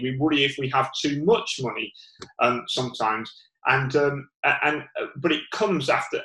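A man's voice: on the high side, pushed and bright, reverberant, poor audio. A man with a Northern English accent giving an informal sermon, rambling with many fillers and restarts. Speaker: preacher.

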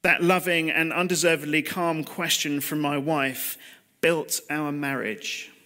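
A man in his thirties gives a sermon over a video call, his voice pitched high. He talks plainly and personally, confessing his own failings and asking his listeners questions. The tone is bright and forward. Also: steady tone, unhurried. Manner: confessional, conversational preaching with rhetorical questions. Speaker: preacher. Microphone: computer mic on a video call.

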